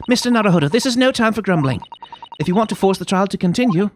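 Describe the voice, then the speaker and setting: A prim, earnest young woman assistant, lifted up higher and lively, as a man puts her on. She speaks in a proper, urging way. Faint game music sits behind. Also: fast talker, slight background noise.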